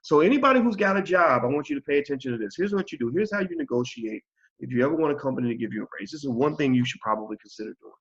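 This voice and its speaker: Blunt, animated man on lo-fi audio. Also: mid-range voice, rapid-fire. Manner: blunt, animated, swears freely, acts out quoted voices. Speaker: channel host. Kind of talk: opinion commentary monologue.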